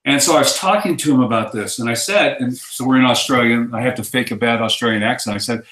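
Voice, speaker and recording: A man's voice: medium pitch, quick pace, fairly bright tone. Earnest man telling a story in a roomy room. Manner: earnest storyteller who acts out quotes. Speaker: ministry guest. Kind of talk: casual chat.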